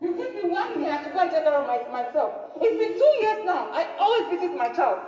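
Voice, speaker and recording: A woman with a very high voice, distressed and close to tears. She pleads and accuses, asking the same questions again and again. The sound is dull and echoey, like a phone video. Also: sing-song, a little fast, mellow. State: distressed, crying. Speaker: mother confronting a social worker on video.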